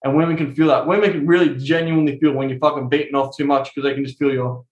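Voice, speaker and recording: High-voiced man, swearing, echoey room. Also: quick pace, highs cut off. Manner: blunt, heavy swearing, animated. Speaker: coach. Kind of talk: casual podcast interview. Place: remote call.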